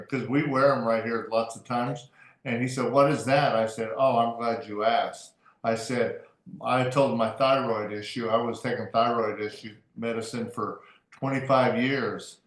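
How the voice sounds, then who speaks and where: A man sharing a personal testimonial on a team call, halting and stumbling over words with self-deprecating humor. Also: mid-range voice. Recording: roomy call audio.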